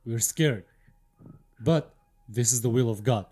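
A man's voice: medium pitch, a little slow, mellow, husky. A man playing a church council father who speaks solemnly and with authority in an audio drama. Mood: grave. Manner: solemn, commanding.

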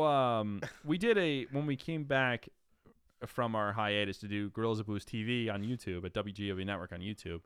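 A man's voice: fairly low pitch, a bit bright, clear, resonant tone, no room sound. A man hosting a casual beer-tasting show, rambling and joking with lots of fillers and restarts. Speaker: podcast host. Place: room in New Jersey.

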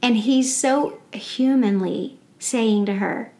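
Woman podcast host for Bible study, bright higher voice, earnest and exclamatory. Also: slow pace. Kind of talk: Bible study discussion and scripture reading. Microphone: podcast microphone.

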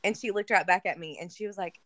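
A woman's voice: lowish voice, fast, a bit bright, no echo, clean studio sound. A woman guest in a conversation, telling an emotional personal story in a casual way with many fillers. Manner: casual, filler-heavy, earnest. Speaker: interview guest. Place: lives in Kentucky.

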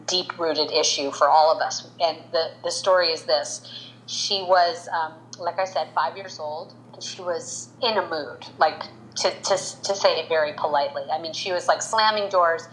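Fortyish woman guest, lowish voice, storytelling, acts out quotes all animated. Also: moderate pace, slight background noise, poor audio. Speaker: makeup artist, guest. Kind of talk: storytelling interview answer.

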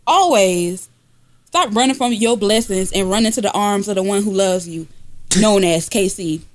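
A young woman co-hosting a casual comedy podcast, joking loudly, laughing often and breaking into shouts and sung lines. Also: normal speed. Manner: loud, laughing often, bursts into high singing and shouting. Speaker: podcast co-host.

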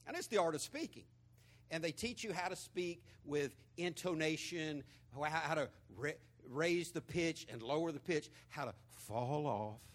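A man's voice: high voice, a bit bright. A man from Florida with a Southern twang, preaching a conversational sermon in a folksy, storytelling way full of repeated words. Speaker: pastor.

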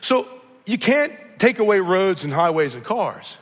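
A middle-aged Midwestern man with a notably high voice preaches in a church. His delivery is earnest and storytelling, and he often repeats a word as he starts a thought. His voice rings out with the long reverb of a large hall. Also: big pitch swings, a little slow. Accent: Midwestern American. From American Midwest. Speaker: pastor. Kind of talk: sermon.

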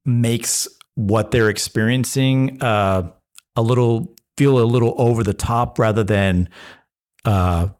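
Male co-host, mid-pitched, measured and reflective, repeats phrase starts. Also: a little mellow. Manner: thoughtful, restarts phrases while searching for words. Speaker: podcast co-host. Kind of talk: casual film review chat.

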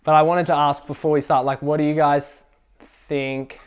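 A young man telling a faith testimony at a casual youth gathering, excitable and full of fillers. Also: fairly high pitch, moderate pace, smooth. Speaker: youth group speaker.

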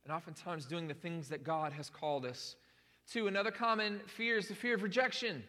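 A high, bright male voice belongs to a pastor giving a loose, conversational sermon to his congregation. He jokes, stumbles and restarts, then presses into emphatic calls. The sound carries a long church-hall reverb. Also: steady tone, brisk. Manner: chatty and joking, with many restarts, building to emphatic calls.

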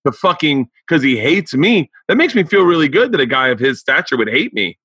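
A man's voice: on the high side, big pitch swings, brisk, fairly bright tone, slightly rough, dry recording. A man hosting a podcast, chatting casually with lots of swearing and stammered restarts. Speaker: podcast host. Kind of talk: casual interview chat.

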